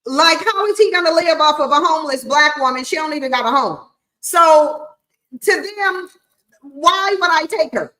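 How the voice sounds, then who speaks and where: High-voiced woman giving blunt commentary. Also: expressive, moderate pace, pushed and bright, rough recording. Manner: blunt, mocking, laughs often. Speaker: streaming commentator. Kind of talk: opinionated livestream commentary.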